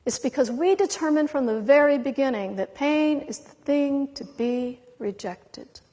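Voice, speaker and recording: Woman, high voice, giving an impassioned spiritual talk; emotional and dramatic with long pauses; lecture-hall reverb. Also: expressive, mellow. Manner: intense, dramatic, with long pauses between words. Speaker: spiritual speaker.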